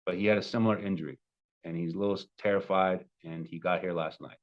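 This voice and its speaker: Man, 20s, coach, emotional personal storytelling, somewhat deep voice, dull lo-fi sound. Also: fast talker. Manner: emotional, animated retelling with sudden loud peaks. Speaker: love coach.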